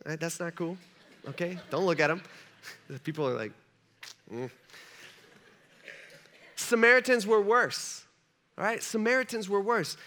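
A man preaching a sermon to a live congregation in a casual, conversational way, acting out quoted lines as he goes. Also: sits high. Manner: animated, conversational, acts out dialogue. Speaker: pastor.

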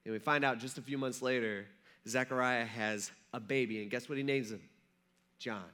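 A man's voice: medium pitch, fairly even intonation, moderate pace, sharp tone. A pastor preaching a sermon that retells a story in a casual, chatty way and speaks straight to his congregation.

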